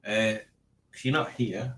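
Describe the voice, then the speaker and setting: A man's voice: lowish voice, measured pace, a bit bright. A man hosting a casual livestream, rambling and reading out viewer comments. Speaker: livestream host.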